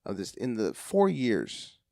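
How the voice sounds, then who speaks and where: A man's voice: mid-range voice, wildly swooping pitch, unhurried, vocal fry, warm tone, no echo, clean studio sound. A man on a podcast, a comedian chatting casually, hyperactive, cursing a lot and acting out phone calls in different voices.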